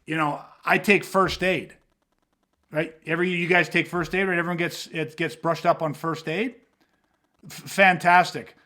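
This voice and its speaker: In a loose, casual podcast chat, a self-defense instructor with a somewhat high voice rambles through his stories, swearing freely and dropping fillers like "you know what I mean." His tone is steady and sharp, and he talks at a normal speed.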